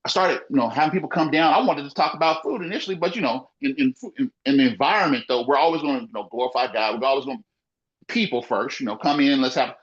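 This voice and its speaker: A man's voice: medium pitch, animated, fast. A man who owns a small business talks in a casual podcast conversation, emphatic and repetitive, leaning on "you know,". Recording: muffled lo-fi audio.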